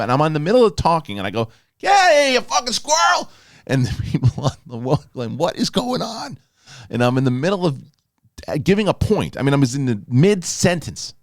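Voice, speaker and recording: A middle-aged man hosting a casual solo show, telling stories with lively, animated delivery and reading a sponsor spot. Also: medium pitch, no room sound, clean studio sound. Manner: animated storytelling, yelling in quoted outbursts. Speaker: host.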